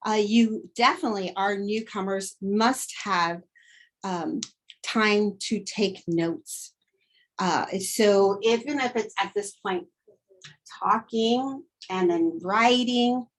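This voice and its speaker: A woman teacher modeling a vocabulary lesson, acting out feelings in her examples and then explaining her method. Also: medium pitch. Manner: expressive, acts out emotions in examples, slow deliberate delivery. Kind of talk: teacher demonstration.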